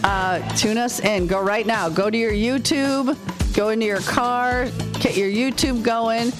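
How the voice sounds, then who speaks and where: A woman's voice: fairly high pitch, a little slow, over music. A woman hosting a morning radio show, talking in a chatty, teasing, playful way. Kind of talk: casual on-air banter. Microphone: studio microphone.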